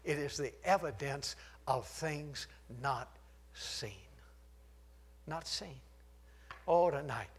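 An older man preaching a sermon, swinging from loud, shouted declarations to hushed storytelling and chuckling at his own jokes. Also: on the high side, slow pace, pauses often, slightly rough.

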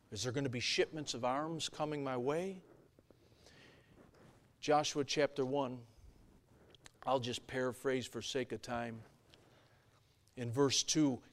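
Animated, bright-voiced male preacher. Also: medium pitch. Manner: animated storytelling, acting out characters, swinging from quiet to loud. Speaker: pastor. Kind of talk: sermon.

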